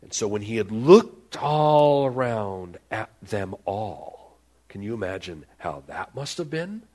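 A man's voice: lowish voice, very animated, takes it slowly, darkish tone. Man, pastor, sermon, dramatic storytelling, voices the characters, church service.

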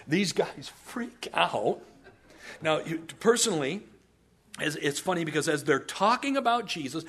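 A male pastor delivers a lively sermon, narrating with humor and energy. His voice sits somewhat high for a man, and he often breaks into playful asides. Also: measured pace, husky. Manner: animated, storytelling, humorous asides.

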